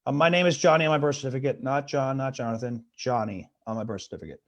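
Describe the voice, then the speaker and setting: A man's voice: medium pitch, fast talker. A man doing a stand-up comedy set over a video call from his bedroom, rattling off one-liners and pleading with the crowd after each joke.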